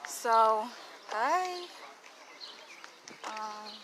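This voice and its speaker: A woman's voice: on the high side, lively intonation, extremely slow, a bit bright, low-quality recording. Chatty woman vlogging on a walk. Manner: chatty, addresses viewers as y'all, blunt opinions. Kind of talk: casual walking vlog. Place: outdoors on a city walk. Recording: outdoor street noise.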